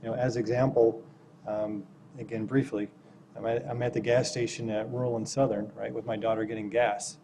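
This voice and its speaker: A man's voice: fairly low pitch, little pitch movement, brisk, noisy background. A man from city human services giving anecdotal remarks at a public meeting, telling stories in a self-deprecating way and often checking in with "right?".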